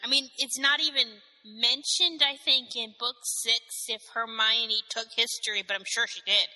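A woman's voice: a little high, steady tone, moderate pace, sharp tone, long reverb tail, poor audio. A woman co-hosting a podcast in casual chat, chatty and joking, asking rhetorical questions. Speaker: podcast co-host.

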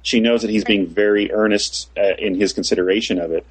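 A man with a lowish, husky voice talks through his view in casual discussion. He is thoughtful, often repeating and restarting his phrases as he works out what he means. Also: steady tone, a little fast, poor audio.

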